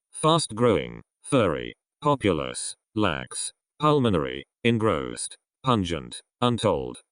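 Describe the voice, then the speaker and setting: A man reads an English vocabulary list one word at a time, giving each isolated word a falling list intonation. His voice sits low, and the recording is studio quality with no echo.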